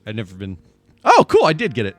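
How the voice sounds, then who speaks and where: A man's voice: medium pitch, quick pace, faint music behind. A man streaming a game, chatting casually and laughing often. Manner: laughs a lot, chatty and animated.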